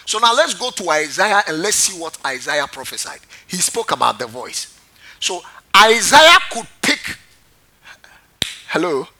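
High, lively, bright-voiced preacher man. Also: measured pace. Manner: quizzes the congregation, repeats phrases for emphasis. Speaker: pastor. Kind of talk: sermon with call-and-response.

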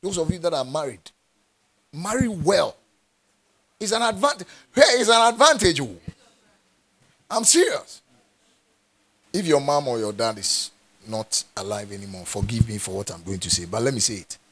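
Husky Ghanaian man preaching emphatically. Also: mid-range voice, moderate pace, pauses often. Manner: emphatic, repeats phrases for stress. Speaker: pastor. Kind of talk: sermon.

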